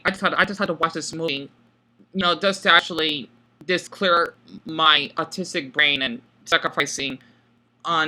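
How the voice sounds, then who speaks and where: A man giving casual film commentary for his video, in a self-described monotone with frequent hesitations and fillers. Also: sits high. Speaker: video creator.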